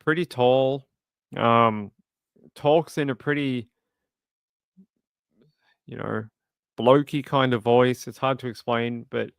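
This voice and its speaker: Casual streamer host, man, smooth voice, close dry mic, reads chat with sympathy. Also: medium pitch, steady tone, slow, pauses often, dry recording. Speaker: true crime livestream host. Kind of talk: casual livestream chat, reading viewer comments.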